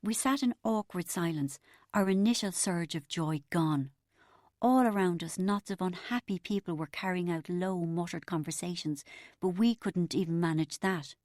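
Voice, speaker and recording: A woman narrating an audiobook in the first person, wry and expressive. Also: fairly low pitch, moderate pace, no echo, clean studio sound.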